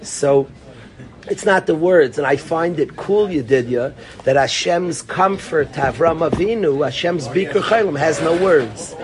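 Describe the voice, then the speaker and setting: A man's voice: a little high, lively intonation, unhurried, crowd noise. A man teaching an informal Torah class, talking conversationally, repeating phrases and calling on students by name.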